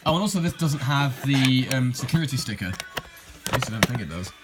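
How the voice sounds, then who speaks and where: A man's voice: medium pitch, animated, a little fast. A young man from England casually showing off his tape collection, rambling and correcting himself with dry asides. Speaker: video collector host. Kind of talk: casual show-and-tell. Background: music.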